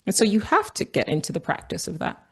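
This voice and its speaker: A woman's voice: mid-range voice, wildly swooping pitch, fast, gravelly, breathy edge. A woman from Nigeria telling a story in an earnest, reflective monologue. She repeats phrases for emphasis and swears casually. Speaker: vlogger. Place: outdoors on a walk.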